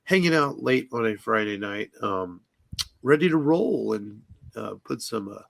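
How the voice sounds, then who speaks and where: Podcast host, Texan man, low-ish and gravelly, easygoing rambler, dry close mic. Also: lively intonation, a little slow, a bit bright, no echo. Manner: laid-back, rambling with fillers. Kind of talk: casual chat.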